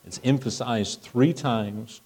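A man's voice: medium pitch, slow pace, darkish tone, poor audio. A middle-aged man preaching a sermon in a conversational way, acting out dialogue as he goes.

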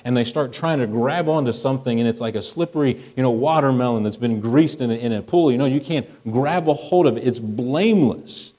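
A man's voice: medium pitch, a little fast, warm tone, poor audio. A middle-aged man preaching a sermon in a conversational way, acting out dialogue as he goes.

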